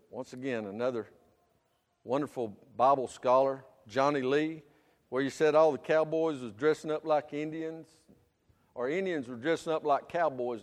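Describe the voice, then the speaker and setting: A man, preaching a sermon with loud emphatic bursts and quieter asides. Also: medium pitch, big-room sound. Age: 50s. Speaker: pastor.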